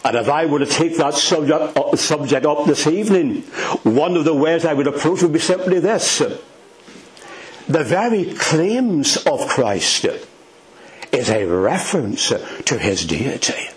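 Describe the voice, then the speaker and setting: A man's voice: on the high side, animated, a little slow, poor audio. A man preaching a sermon, emphatic and asking the congregation rhetorical questions.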